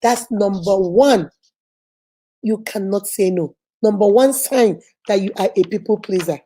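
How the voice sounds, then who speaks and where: A woman's voice: on the high side, warm tone. A woman giving a repetitive, emphatic motivational talk about self-help.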